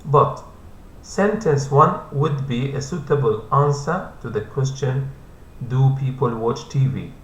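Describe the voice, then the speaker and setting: Patient male grammar teacher, echoey room. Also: mid-range voice. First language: Arabic. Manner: repeats points slowly, patient. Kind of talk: classroom grammar lesson. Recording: echoey room, faint hum.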